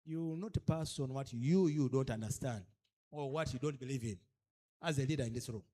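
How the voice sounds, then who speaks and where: A man with a Ugandan accent and a fairly high, slightly mellow voice addresses a cultural leaders' orientation. His training lecture is emphatic, driven by repeated rhetorical questions, and he switches back and forth between English and a local language.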